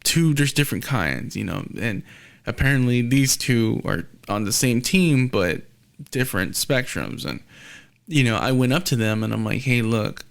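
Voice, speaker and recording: A man's voice: medium pitch, expressive, moderate pace, vocal fry. A man hosting a podcast, chatting casually and rambling through a story while he acts out the back-and-forth he had with someone. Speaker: podcast host. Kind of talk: casual conversation.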